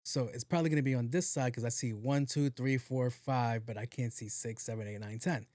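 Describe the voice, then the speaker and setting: A young man hosting a podcast, telling a comic story in an animated, profane way and acting out voices. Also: mid-range voice, a little fast, dry recording, studio quality. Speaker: podcast host. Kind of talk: comedic storytelling.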